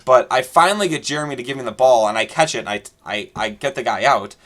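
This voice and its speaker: A man's voice: mid-range voice, animated, fast, a bit bright. A man casually telling a long, rambling story and talking over his gameplay, with many fillers and restarts. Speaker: gaming video creator.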